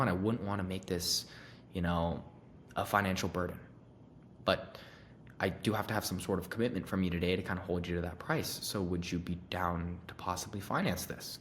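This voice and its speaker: A man coaching sales calls in a laid-back, slangy way, swearing and acting out pitch lines. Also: fairly bright tone, a little hiss or hum. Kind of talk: casual teaching on sales calls.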